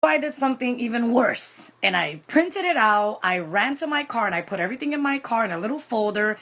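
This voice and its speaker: Animated woman telling a story. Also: fairly high pitch, fairly quick. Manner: animated, dramatic, mixes in Spanish phrases. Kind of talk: casual storytime vlog.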